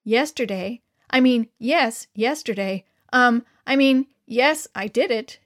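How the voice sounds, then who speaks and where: A woman's voice: fairly high pitch, takes it slowly. Woman doing a stammering nervous schoolboy. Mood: flustered. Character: flustered stuttering sixth-grade boy.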